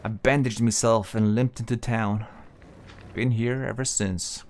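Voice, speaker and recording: A man's voice: on the low side, steady tone, unhurried, darkish tone, a little hiss or hum, close to an everyday voice. A man voicing a battered, boastful male dwarf warrior from a fantasy game, reading the dialogue aloud in a put-on dwarvish brogue that drops words. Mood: storytelling.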